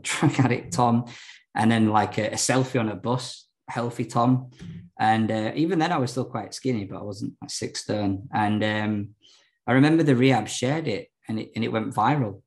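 A man's voice: lowish voice, darkish tone, low-quality recording. A man, a podcast guest telling his story candidly, rambling with lots of fillers and restarts.

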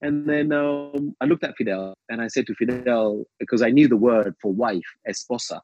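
A man's voice: medium pitch, moderate pace, dry recording, muffled recording. A man telling a long anecdote in casual conversation, with many ums and restarts. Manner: rambling, many ums and restarts, lively quoted asides. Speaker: guest. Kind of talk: casual storytelling.

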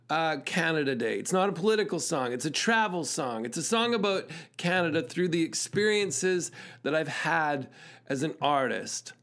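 A podcast host and musician tells a personal story on his own show in an earnest, reflective monologue, laughing at himself now and then. His voice is fairly high with lively intonation, a moderate pace, and a slightly bright quality.

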